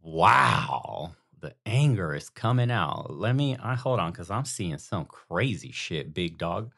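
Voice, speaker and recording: A man's voice: low voice, lively intonation, a little slow. A man hosting a reaction show, mocking and crude in his slangy commentary. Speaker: host.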